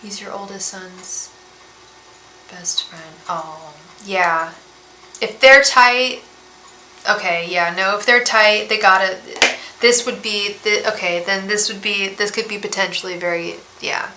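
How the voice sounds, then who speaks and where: A woman reading tarot cards on a live stream, talking gently and emotionally, often repeating and restarting her words. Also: medium pitch, unhurried. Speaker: tarot reader and psychic medium. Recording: echoey room with faint background hiss.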